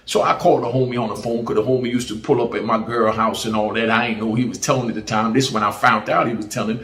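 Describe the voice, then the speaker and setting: A man's voice: medium pitch, fairly even intonation, fast, hardly any pauses, a bit bright. Jamaican man telling street stories, echoey. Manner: street slang, acts out quoted voices. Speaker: former prisoner telling his story. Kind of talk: casual street storytelling. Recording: roomy echo.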